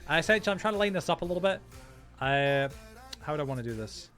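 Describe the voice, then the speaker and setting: A streamer chats live with his viewers as he builds in a game, talking fast in a high voice. He rambles and restarts sentences often, excitedly greeting and thanking people, while soft music plays faintly behind him.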